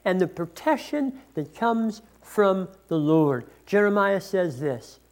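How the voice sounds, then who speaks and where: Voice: medium pitch, animated, slow. A pastor preaching a sermon, reading scripture passages aloud with emphasis and explaining them.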